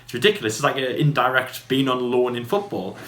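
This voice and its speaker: A man's voice: mid-range voice, lively intonation, a bit bright. Rambling man in an echoey room. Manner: rambling, quick, full of fillers and restarts. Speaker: podcast co-host. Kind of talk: casual debate chat.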